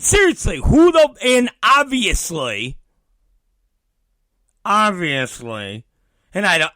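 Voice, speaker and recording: A man hosting his own talk show, ranting and storytelling with heavy swearing, swinging between loud outbursts and muttered asides, often laughing. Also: mid-range voice, no echo. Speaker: podcast host. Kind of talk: profane comedic ranting.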